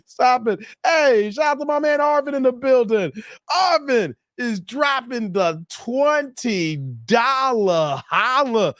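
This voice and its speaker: A high-pitched man hosting a live stream, his voice jumping all over as he laughs and jokes with his chat. The sound is close and dry, with no room around it. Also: takes it slowly, dry recording. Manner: laughing, animated banter with chat.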